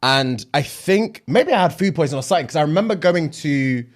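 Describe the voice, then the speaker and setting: A young man, co-hosting a podcast in casual chat, relaxed and chiming in with short agreements and laughs. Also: on the high side, fairly quick. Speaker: podcast co-host.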